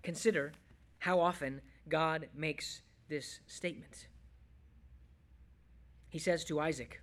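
A man preaching a sermon to his congregation as pastor, swinging between loud emphasis and hushed, quiet lines. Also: fairly high pitch, steady tone, measured pace, pauses often.

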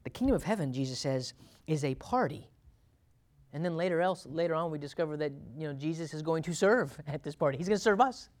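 A man delivers a relaxed, conversational Bible sermon, often laughing softly between points. His voice sits a little high for a man, and he jumps even higher when he plays out quoted lines. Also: brisk. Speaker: preacher.

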